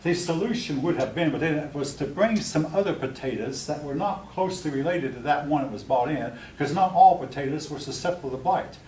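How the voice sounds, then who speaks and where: A man's voice: on the high side, brisk, few pauses, darkish tone, a little hiss or hum. An older man teaching a history class, lecturing plainly with blunt, opinionated asides to his students. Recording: roomy classroom recorded from a distance.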